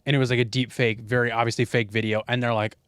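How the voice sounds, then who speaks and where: Animated young man, opinionated podcast co-host. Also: medium pitch, fast talker, clean tone, dry recording, studio quality. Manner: animated, opinionated, frequent swearing and fillers. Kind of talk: casual chat.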